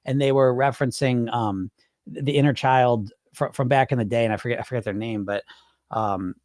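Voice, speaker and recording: A man's voice: medium pitch, fairly even intonation, a little fast, darkish tone, dry recording, studio quality. A man who coaches weight loss through hypnosis, hosting a casual live chat in which he answers viewers' comments, speaking candidly, swearing freely and repeating himself.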